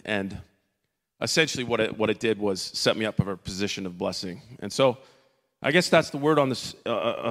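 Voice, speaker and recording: A man giving an earnest church testimony from the stage, halting and full of fillers and restarts. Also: mid-range voice, fairly bright tone. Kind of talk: emotional spoken testimony. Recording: long reverb of a large hall.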